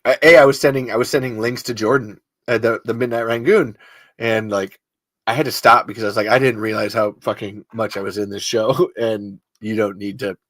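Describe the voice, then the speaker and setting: A man's voice: mid-range voice, a bit bright, no room sound. A man hosting a podcast solo in loose, rambling casual chat, swearing freely. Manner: rambling, swearing, self-interrupting. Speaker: podcast host.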